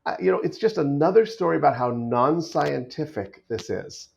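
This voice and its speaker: A man's voice: on the high side, moderate pace, gravelly, a little hiss or hum. American man with a dull lo-fi sound. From United States. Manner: animated storyteller with frequent restarts. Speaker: guest actor. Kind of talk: casual podcast conversation. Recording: dull lo-fi remote audio.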